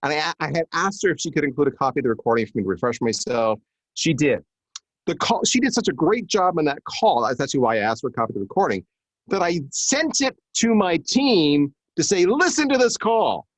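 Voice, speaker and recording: A man's voice: fairly high pitch, a little fast, no echo. A man chatting as a guest on a webinar, telling a story and acting out what people said. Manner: animated storyteller acting out quotes. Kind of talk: casual webinar conversation.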